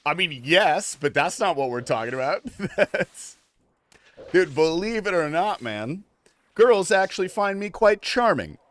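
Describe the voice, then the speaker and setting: A man's voice: sits high, expressive, a little slow, a bit bright. A young man from the United States chatting casually on a game livestream, reading chat and swearing freely. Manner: casual, swears and laughs, reads chat aloud. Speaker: livestream gamer.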